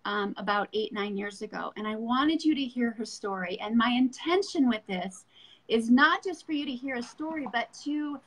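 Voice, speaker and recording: A woman's voice: a little high, moderate pace, a bit bright, rough recording. A woman hosting an interview, introducing her guest in an encouraging, motivational way. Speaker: interview host.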